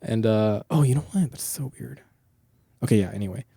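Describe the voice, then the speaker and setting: A man's voice: mid-range voice, fairly quick, creaky, dark tone, breathy edge, dry recording, clean studio sound. A young man hosting a podcast, telling long rambling stories in casual chat, full of swearing and filler words. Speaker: podcast host.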